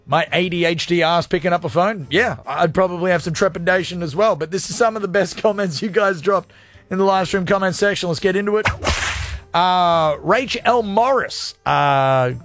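A man's voice: high-pitched, normal speed, a bit bright, no room sound, soft background music. A young man hosting a radio show, chatting casually, joking and swearing freely. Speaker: radio host.

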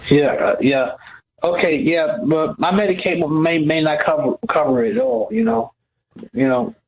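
A man calling in to a radio show, halting and hesitant, repeating his words. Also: fairly high pitch, lively intonation, creaky, slight background noise. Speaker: caller. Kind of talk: phone-in call. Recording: dull phone line.

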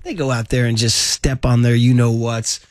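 A man hosting sports talk radio, casual and animated, full of slang, his voice jumping up when he gets worked up. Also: mid-range voice, normal speed, slight background noise.

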